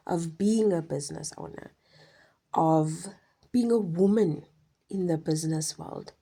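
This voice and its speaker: A woman giving a passionate personal faith testimony, dropping to hushed whispers and then pressing hard on her points. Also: fairly low pitch, gravelly, slightly rough. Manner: passionate, emphatic, swings between hushed whispers and forceful stresses. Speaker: Christian speaker sharing a testimony.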